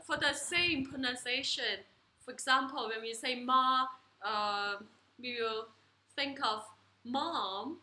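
A woman's voice: sits high, slow pace, sharp tone. Cheerful woman, Mandarin native speaker. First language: Mandarin Chinese. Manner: cheerful, laughs often, explains simply. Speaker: guest. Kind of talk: casual group chat. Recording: echoey room with faint ambience.

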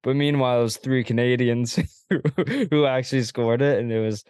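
A man hosting a casual sports podcast, relaxed and agreeable, laughing often and passing questions to guests. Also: medium pitch, brisk, clear, resonant tone, no room sound, studio quality. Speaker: podcast host.

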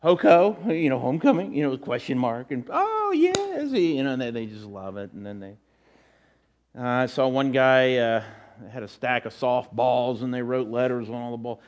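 A man's voice: mid-range voice, normal speed, darkish tone. A middle-aged man preaching a sermon in church as pastor, telling folksy, rambling stories with many fillers and restarts.

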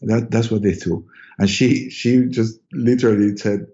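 Low, mellow middle-aged man telling stories. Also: steady tone, highs cut off. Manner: halting, repeats words, many ums. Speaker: podcast guest, consultant. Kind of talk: casual interview storytelling.

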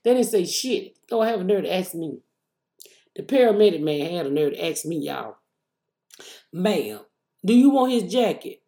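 A middle-aged woman hosting her podcast, telling a story in a profane, animated way with loud outbursts when she quotes herself. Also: fairly low pitch, moderate pace, vocal fry, pauses often, echoey room. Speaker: podcast host. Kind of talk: casual storytelling monologue.

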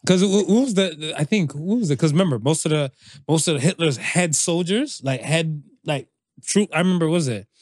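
A man's voice: fairly high pitch, a little fast, no room sound, studio quality. A man from Canada co-hosting a podcast in casual chat, slangy and rambling with lots of fillers and restarts. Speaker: podcast co-host.

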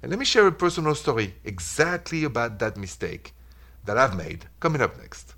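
A man's voice: mid-range voice, sing-song, normal speed, a bit bright. A man hosting a radio advice show, talking in an earnest, reflective way with simple repeated phrases. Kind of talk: casual radio talk.

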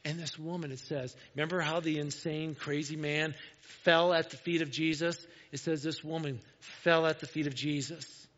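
A man preaching in a church, telling the story casually and dropping to a hushed voice to make a point. His voice sits a little high, and the sound is dull and lo-fi, with long hall reverb. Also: fairly even intonation, moderate pace, few pauses. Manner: casual, conversational storytelling that often drops to a soft, hushed voice. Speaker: pastor. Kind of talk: sermon retelling a gospel story. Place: church sanctuary.

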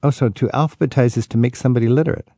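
A man's voice: mid-range voice, very fast, dark tone, no echo. A man hosting a radio talk show, chatty and enthusiastic as he interviews a guest and riffs with vivid anecdotes.

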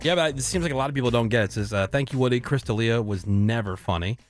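A man's voice: medium pitch, fast, no room sound. Guy hosting morning radio, casual and blunt, cracking jokes, faint music under him. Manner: blunt, joking, laid-back storyteller. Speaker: radio morning show host. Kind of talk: casual on-air banter.

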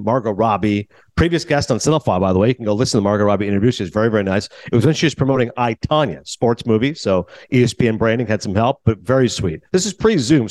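A Canadian man in his forties hosting a podcast, chatting casually and telling an animated story where he acts out his own asides. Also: fairly low pitch, dry recording. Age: 40s. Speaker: podcast host. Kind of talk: casual chat.

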